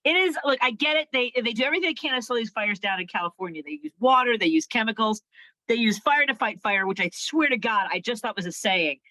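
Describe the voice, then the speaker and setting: A middle-aged woman performing an animated, self-deprecating stand-up set over a video call. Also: fairly high pitch, fast talker, dry recording. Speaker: stand-up comedian.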